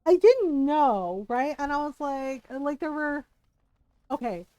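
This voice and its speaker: A woman with a high, bright-pitched voice rambles through her gameplay as a streamer, giggling often and leaning on "like" and "right?". The sound is close and dry, with no room around it. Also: animated, slow pace, no echo, rough recording. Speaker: game streamer. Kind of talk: casual gameplay commentary.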